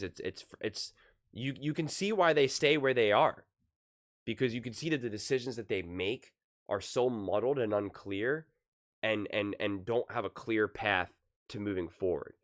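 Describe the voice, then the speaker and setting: A man giving casual solo sports commentary, rambling with many restarts and growing more heated as he goes. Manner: rambling, many restarts, grows louder and higher when heated.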